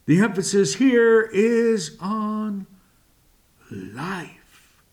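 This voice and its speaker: Very slow, high-pitched male preacher. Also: expressive, gravelly, darkish tone. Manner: deliberate, emphatic preaching with long pauses. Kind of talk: sermon.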